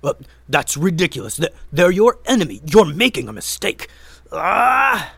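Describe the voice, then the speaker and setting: A man doing a loud, flustered wizard villain. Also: sits high, very animated, measured pace, creaky, slightly rough, no room sound, pitched above the performer's own voice, heavily acted. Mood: commanding, panicked. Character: scheming wizard villain, panicking when cornered.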